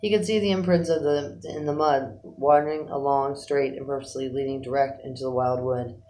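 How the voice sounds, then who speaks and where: Expressive male storybook narrator. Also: medium pitch, fairly quick, slight background noise, low-quality recording. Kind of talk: storybook reading.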